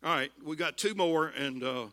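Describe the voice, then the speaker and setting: A man in his seventies with a Southern US accent, telling stories in a folksy sermon and building to loud exclamations. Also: fairly high pitch, normal speed. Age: 70s. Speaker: visiting preacher. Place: church.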